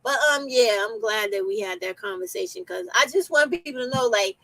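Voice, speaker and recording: A woman's voice: fairly high pitch, sing-song, a little fast, vocal fry, bright, forceful tone, no echo, poor audio. A woman with a New York accent hosting a casual chat, blunt and outspoken, swearing freely. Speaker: host.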